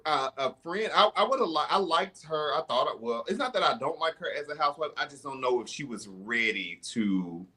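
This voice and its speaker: A man co-hosting a casual recap chat, relaxed and giggly with joking remarks. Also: fairly high pitch, a little fast, few pauses, husky. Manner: laid-back, giggly, joking. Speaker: podcast co-host.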